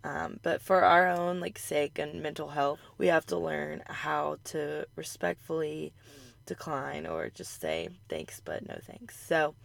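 A young woman hosting a weekly advice vlog, hoarse and raspy from a sore throat, upbeat and chatty, with frequent "like" and "um" fillers. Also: sits low, no room sound. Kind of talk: casual advice talk.

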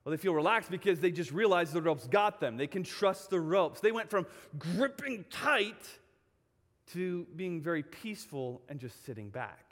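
A man's voice: a little high, lively intonation, moderate pace, few pauses, long reverb tail. A male pastor preaching a sermon in a church, telling stories and repeating phrases for emphasis.

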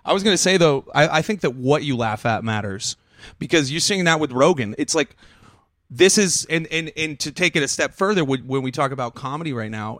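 Bright-voiced comedian from Texas. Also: male voice, medium pitch, dry recording, studio quality. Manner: blunt, swears freely, retells his own jokes. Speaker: guest comedian. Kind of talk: casual podcast chat.

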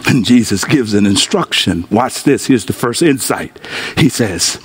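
A pastor delivers a sermon to his online congregation, urging them to respond as he moves between soaring exclamations and low, intimate tones. His husky voice is animated and keeps a measured pace.

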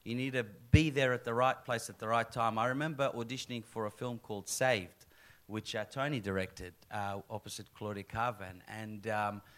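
A man's voice: on the low side, normal speed. A middle-aged man, an actor chatting in an interview, telling stories and acting out quoted lines. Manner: animated storyteller, acts out quoted lines, laughs often. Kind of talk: casual interview chat.

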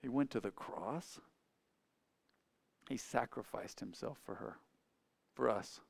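Male pastor, mid-pitched, dry close sound, conversational sermon with questions to the pews, loud peaks and quiet asides. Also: slow pace, creaky, no room sound. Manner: conversational, asks the congregation questions; swings between loud emphatic and quiet asides.

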